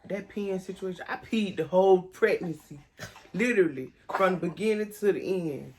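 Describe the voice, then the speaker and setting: A young woman, chatting casually on a vlog and acting out the people in her story with high, lively voices. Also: normal speed, a little hiss or hum. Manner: animated storytelling, acts out quotes in high voices. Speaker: vlogger.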